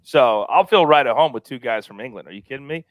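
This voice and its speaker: A man hosting a sports betting show, loud and energetic as he wraps up and plugs the show. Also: medium pitch, fast, no echo. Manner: loud and energetic, plugging and wrapping up. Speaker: host.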